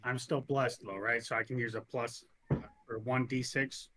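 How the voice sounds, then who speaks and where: Male player, middle pitch, brief and matter-of-fact. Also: little pitch movement, unhurried, fairly bright tone, low-quality recording. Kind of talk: casual tabletop play.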